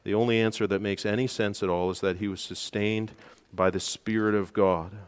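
Emphatic preacher in a reverberant hall. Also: male voice, fairly even intonation, brisk, clean tone. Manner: emphatic, rises in pitch and volume to stress points. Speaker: pastor. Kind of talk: expository sermon.

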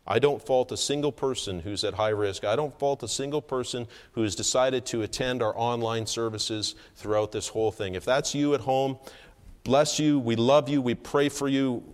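A man delivers a sermon from the pulpit in an earnest, measured way. His voice sits at an ordinary middle pitch and climbs with emphasis on key points. The sanctuary adds a long, trailing reverb. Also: fairly even intonation. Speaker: pastor. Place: church sanctuary.

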